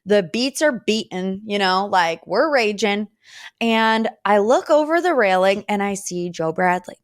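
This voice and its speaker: A woman's voice: mid-range voice, a little slow, no echo, clean studio sound. A woman in her thirties hosting a podcast, telling stories in a chatty, dramatic way. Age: 30s. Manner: chatty, dramatic, animated storytelling. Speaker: podcast host. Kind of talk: casual solo chat. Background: faint weed whacker outside.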